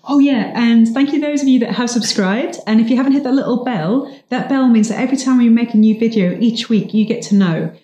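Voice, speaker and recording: A woman's voice: on the high side, fairly quick, few pauses, mellow, echoey room. A young woman vlogging about family travel, chatty and upbeat, with self-mocking asides. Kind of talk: family travel vlog narration.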